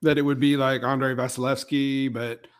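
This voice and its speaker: A man's voice: mid-range voice, level tone, moderate pace, smooth. A man co-hosting a sports podcast, agreeing easily and hesitating with frequent ums. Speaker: podcast co-host. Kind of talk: casual sports chat.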